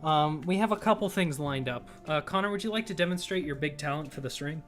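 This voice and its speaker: A young man hosting a casual livestream, his voice sitting a touch high. He talks wryly, swears offhandedly and breaks into laughter often. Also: fairly quick, fairly bright tone, soft background music. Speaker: streamer host.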